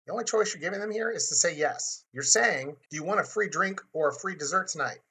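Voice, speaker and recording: A man's voice: on the high side, fast talker, creaky, bright, forceful tone, slight background noise. A man hosting a marketing webinar in a chatty teaching manner, often acting out little dialogues. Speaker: webinar host.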